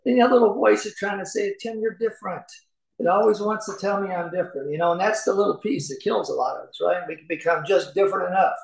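A man's voice: sits high, fast, vocal fry, few pauses. Folksy man telling recovery stories. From Kentucky. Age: middle-aged. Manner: folksy storyteller, acts out voices, chuckles often. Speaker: speaker at a recovery meeting. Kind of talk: personal recovery talk. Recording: echoey room.

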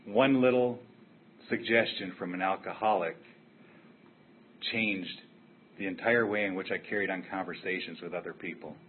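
A man's voice: sits low, normal speed, long pauses. An older man telling his own recovery story at a meeting, candid and blunt in a conversational way. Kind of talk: personal recovery share. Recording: tinny phone-like sound with faint hiss.

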